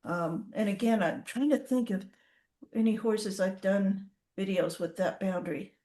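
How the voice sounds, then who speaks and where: Animated woman horse trainer, echoey room. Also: medium pitch, measured pace. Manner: animated, acts out horses' reactions. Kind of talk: casual storytelling in an interview.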